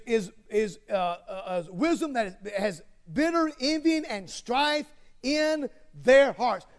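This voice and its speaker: A male preacher with an unusually high voice delivers his sermon. He builds his points through repetition and pushes some lines into emphatic, near-shouted bursts. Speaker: pastor.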